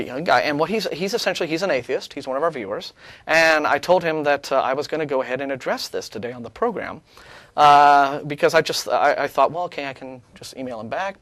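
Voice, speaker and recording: Man, sarcastic talk show co-host, rambling, lively up-and-down pitch, dry close sound. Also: dry recording. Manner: sarcastic, rambling, with many restarts. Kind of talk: casual chat.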